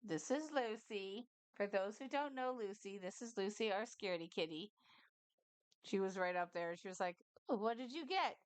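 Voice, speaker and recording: A woman's voice: medium pitch, normal speed, smooth, no echo. A woman chatting casually on a live stream, playfully cooing at her cats close to the mic.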